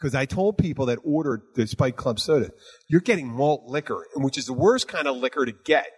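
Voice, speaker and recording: A man's voice: medium pitch, animated, a little fast, breathy edge. A man hosting a bartending podcast in casual chat, talking bluntly and emphatically with plenty of swearing. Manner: emphatic, blunt, profane, repeats "you know what".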